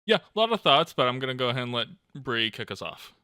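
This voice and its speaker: A man's voice: mid-range voice, big pitch swings, fast, bright, forceful tone, clean tone, no room sound, clean studio sound. A man hosting a podcast in casual chat, wry and joking as he steers the topics. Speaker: podcast host.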